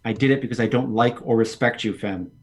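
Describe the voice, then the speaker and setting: A man's voice: mid-range voice, brisk, close to an everyday voice. A man doing a cold, ruthless noblewoman. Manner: cold, contemptuous, profane. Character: ruthless scheming young noblewoman.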